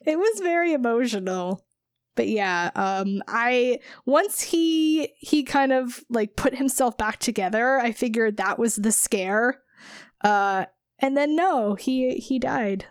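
A woman's voice: a little high, lively intonation, slow pace, no room sound, studio quality. A woman co-hosting a casual book-club podcast, telling stories with lots of fillers and laughs. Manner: laughs often, meandering with fillers. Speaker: podcast co-host.

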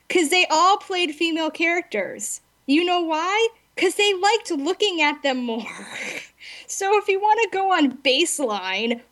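A woman co-hosting a podcast, chatting casually and ranting bluntly with frequent laughs. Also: sits high. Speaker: podcast co-host.

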